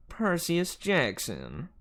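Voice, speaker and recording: A man's voice: a little high, a bit bright, voice pushed up, exaggerated voice. A man voicing a menacing female Fury, a hissing demon, with a put-on Southern accent in a storybook reading. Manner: slow, drawn-out threats. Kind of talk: read-aloud storybook voice.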